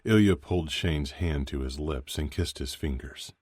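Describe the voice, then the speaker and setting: A man narrating an audiobook in an even, measured reading. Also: extremely low pitch, husky, no room sound, studio quality. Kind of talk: scripted narration.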